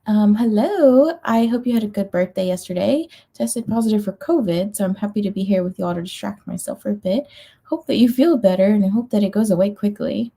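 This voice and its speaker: Hosting a livestream of reading sprints, this woman speaks briskly in a dark, slightly rough mid-range voice with vocal fry. She's sleepy and yawning as she chats casually, reads viewer comments aloud, and drops in frequent ums and small laughs.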